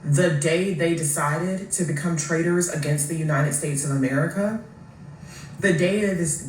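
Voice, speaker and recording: Blunt, swearing commentator, mid-pitch, recorded from a distance in an echoey room. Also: a little mellow. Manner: blunt, profane, builds arguments step by step. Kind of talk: political commentary monologue. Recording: distant mic in an echoey room with faint background noise.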